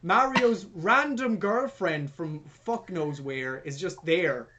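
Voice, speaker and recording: A young man hosting a podcast, retelling a film plot in a jokey, sweary, animated way. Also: on the high side, slow, muffled recording. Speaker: podcast host. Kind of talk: casual film review chat.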